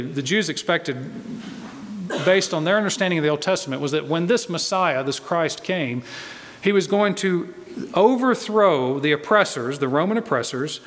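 A man's voice: fairly high pitch, fairly bright tone, long reverb tail. A male pastor preaching a sermon in a church, emphatic and driving his points home by repeating key phrases.

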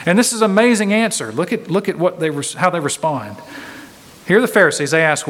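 A man's voice: high voice, expressive, fast, a bit bright. A man preaching an expository sermon, earnest and emphatic, repeating phrases to press his points home. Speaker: pastor. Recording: long reverb from a large hall.

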